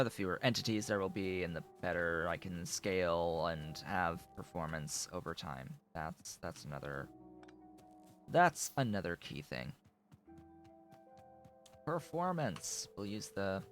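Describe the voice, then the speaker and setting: Male game streamer, unhurried low voice, loose self-correcting chatter into a desk mic. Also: a bit bright. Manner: rambling, self-correcting, coos at his cat in a high voice. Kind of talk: casual live-stream commentary. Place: home room with a green screen. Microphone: desk microphone.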